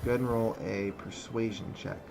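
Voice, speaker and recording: Low-voiced man running a tabletop game. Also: brisk, gravelly, over music. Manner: relaxed, filler-heavy narration. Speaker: game master. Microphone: online voice call.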